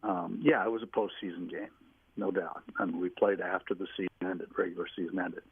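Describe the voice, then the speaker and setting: A man's voice: low-pitched, steady tone, fairly quick, gravelly, husky. A man in his home office calling in to a radio talk show, telling long rambling stories with many restarts. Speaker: guest telling stories, former team staffer. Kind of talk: phone-in radio interview, anecdotes. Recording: tinny phone line.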